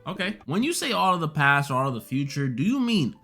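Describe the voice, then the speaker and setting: Man, animated scripted commentary, bouncy high voice, crisp sharp tone. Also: quick pace, soft background music. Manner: animated, rhetorical questions.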